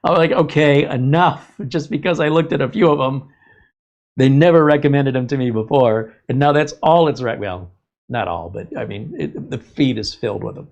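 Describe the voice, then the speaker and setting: A man's voice: medium pitch, normal speed, creaky, darkish tone, dull audio. A man hosting a live tech stream, talking in a rambling, conversational way and laughing often. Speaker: host.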